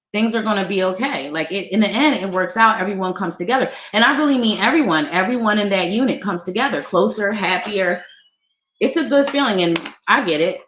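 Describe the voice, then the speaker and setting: A middle-aged woman, a psychic giving a casual, playful live-stream tarot reading and chatting with viewers. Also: medium pitch. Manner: animated, playful, chatty, talks to viewers as y'all. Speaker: psychic reader. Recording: roomy, dull lo-fi stream audio.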